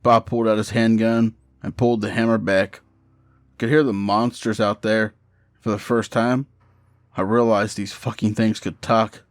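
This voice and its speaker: A man's voice: on the low side, flat delivery, normal speed, no room sound, studio quality. A man reading a first-person horror story in a matter-of-fact, profane storytelling manner.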